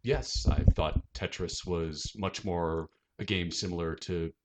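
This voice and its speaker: A man playing a bitter, deadpan rejected puzzle piece in an improvised comedy podcast bit, with a wounded, self-pitying manner. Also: sits low, measured pace. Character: bitter rejected male Tetris piece shaped like pi.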